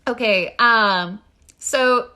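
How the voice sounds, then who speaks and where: A woman co-hosting a casual podcast, reacting in an excitable, gushing way as she describes what she sees. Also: a little high, drawn-out words. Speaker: podcast co-host.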